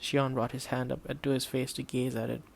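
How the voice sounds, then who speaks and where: A man reading an audiobook in a steady, measured way, voicing the dialogue quietly. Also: mid-range voice, gravelly. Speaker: audiobook narrator. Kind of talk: scripted audiobook narration.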